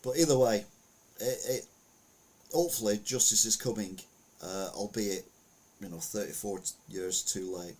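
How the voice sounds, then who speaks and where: A man's voice: on the low side, normal speed, darkish tone, husky. A middle-aged man giving casual opinion commentary as a podcast host, rambling with lots of fillers and restarts.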